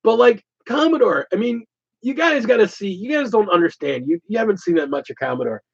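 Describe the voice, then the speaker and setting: Animated ranting man, dull lo-fi sound. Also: high-pitched, brisk, gravelly, slightly rough. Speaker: host. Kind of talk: casual chat.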